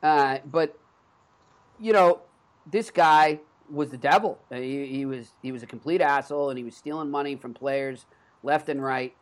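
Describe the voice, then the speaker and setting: A man's voice: mid-range voice, moderate pace. Boston-accented man hosting a chat show. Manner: rambling, with frequent restarts and fillers. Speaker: podcast host. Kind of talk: casual chat.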